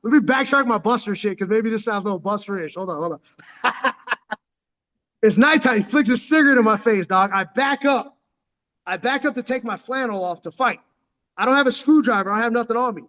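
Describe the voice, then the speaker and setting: Forties guy from san diego, talks quick and cussy, high-ish voice, lots of reverb on it. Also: pushed and bright. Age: 40s. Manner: slangy and profane, keeps saying "dog". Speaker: vlogger. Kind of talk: casual storytelling. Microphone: headphones on. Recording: long echoing reverb.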